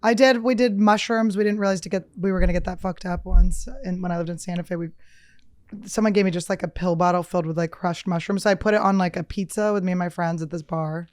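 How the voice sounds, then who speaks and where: A woman in her thirties co-hosting a podcast, telling crude, animated stories in casual chat. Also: on the low side, fast talker, dry recording. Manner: animated, crude jokey storytelling. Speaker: podcast co-host.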